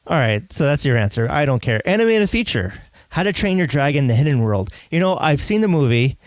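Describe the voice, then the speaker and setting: A man's voice: fairly high pitch, very animated, brisk, no echo, rough recording. A man in his thirties hosting a casual podcast chat about movies, easygoing and laughing often. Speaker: podcast host.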